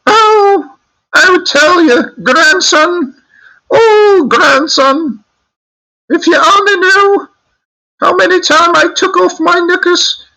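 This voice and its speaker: A man putting on a shrill old British granny. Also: slow, vocal fry, pushed and bright, exaggerated voice, low-quality recording. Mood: wailing, bawdy. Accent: put-on British. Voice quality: high warbling falsetto. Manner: theatrical, crude, quavering. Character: bawdy old British grandmother, shrill and wailing.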